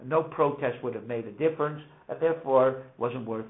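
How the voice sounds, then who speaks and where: Guy teaching torah, gets all animated asking questions, sounds like over a phone. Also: mid-range voice, fairly quick, narrow, tinny audio. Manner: animated storytelling, rising emphatic questions. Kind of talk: casual Torah lesson.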